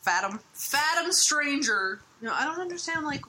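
Bright-voiced woman chatting about comics. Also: high-pitched, moderate pace. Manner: animated, laughing, swears freely. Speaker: podcast co-host. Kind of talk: casual comics chat.

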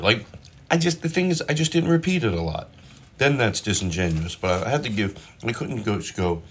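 A man's voice: sits low, lively intonation, a little fast, breathy edge. A middle-aged man, a comedian, chatting casually and rambling while he cooks and eats at home, recorded on a propped-up phone. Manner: rambling, self-interrupting, with mild swearing. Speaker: comedian hosting his own show. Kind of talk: casual chat while cooking and eating. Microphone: phone propped up nearby.

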